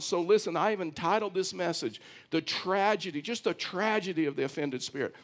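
Reading a Bible passage and then commenting on it, this preacher repeats phrases forcefully and keeps telling his congregation to "listen." His voice is a bit high for a man, and he keeps a moderate pace with few pauses.

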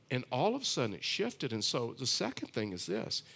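A middle-aged male pastor preaching a sermon. He tells stories in an easygoing, conversational way, full of restarts and side remarks. His pitch sits in the middle of the male range. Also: wildly swooping pitch, a little fast, gravelly, hardly any pauses, a bit bright, slightly rough. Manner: conversational storytelling with frequent restarts and asides. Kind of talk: sermon with personal story.

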